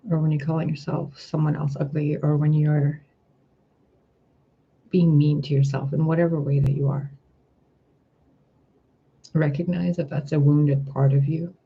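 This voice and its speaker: A man giving a spiritual tarot reading, talking in a gentle, reflective way and asking rhetorical questions. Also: fairly high pitch, creaky, slightly rough, muffled recording. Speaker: tarot reader.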